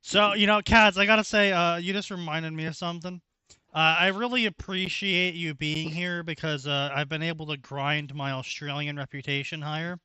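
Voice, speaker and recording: A man's voice: on the high side, fairly even intonation, moderate pace, pushed and bright, clear, resonant tone, no echo. A man co-hosting a stream, reading fanfiction aloud and making dry sarcastic asides. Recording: dry, dull lo-fi mic.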